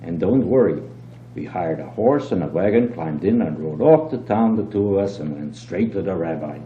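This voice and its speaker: Older man reading a story, low mellow voice. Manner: lively storyteller, brisk and dropping low on asides. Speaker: reader. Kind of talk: reading a short story aloud. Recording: dull, roomy old home tape with hum.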